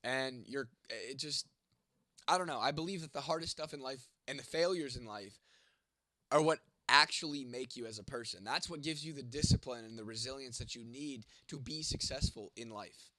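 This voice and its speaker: Fighting a cold that has him congested and his voice going, a young man runs a livestream and fields chat in casual, profane talk. He's blunt and teasing and swears nonstop, his medium-pitched voice pushed and bright at a moderate pace in a dry recording.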